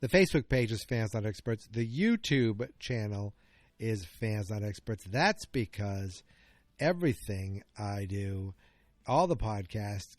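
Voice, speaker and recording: A man's voice: on the low side, lively intonation, unhurried, no room sound. A middle-aged man hosting a solo podcast, talking casually in a rambling, self-interrupting way that turns openly emotional. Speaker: podcast host.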